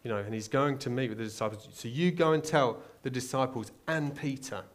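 A man's voice: mid-range voice, fairly quick. English man preaching a conversational sermon. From England. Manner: conversational, searching, with many restarts and rhetorical questions.

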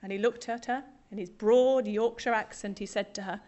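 A woman's voice: medium pitch, steady tone, moderate pace, few pauses, darkish tone, a little hiss or hum. A middle-aged woman from Britain preaching a sermon to a congregation, conversational and self-deprecating with humour.

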